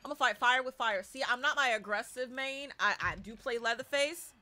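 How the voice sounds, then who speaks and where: A young woman livestreams a horror game, reacting excitedly and repeatedly yelling cheers and trash talk at her teammates. Her voice is fairly high and her delivery fairly quick.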